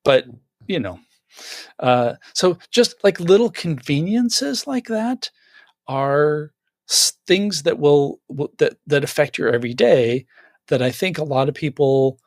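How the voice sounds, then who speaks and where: A man's voice: medium pitch, no echo. Man, guest author; chatty, restarts a lot; dry, close recording. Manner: chatty, many fillers and restarts. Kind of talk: casual tech conversation.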